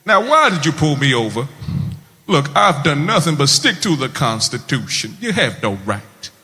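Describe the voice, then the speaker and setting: A man's voice: fairly high pitch, sing-song, moderate pace, bright, forceful tone, long reverb tail. A Nigerian man voicing a polite but defiant southern man with a put-on Southern US accent. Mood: mannerly.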